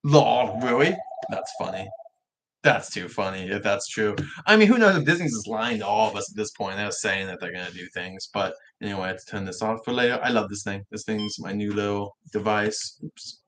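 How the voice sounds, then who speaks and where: A young man whose R's come out soft, like W's, chatting casually on a livestream vlog with frequent restarts. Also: on the low side, brisk, background noise. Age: young adult. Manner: rambling, self-correcting talk with frequent restarts. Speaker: livestream vlogger.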